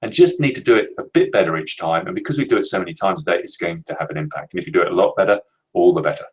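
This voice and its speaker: A man presenting a leadership training webinar, explaining in a measured, emphatic way and slowing down to stress key words. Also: low-pitched, lively intonation, lo-fi sound.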